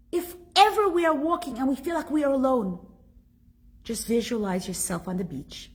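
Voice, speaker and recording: A woman leading a live online religious class. She reads viewers' comments aloud and talks with emotion, rising high with excitement and sinking to near-whispers. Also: husky.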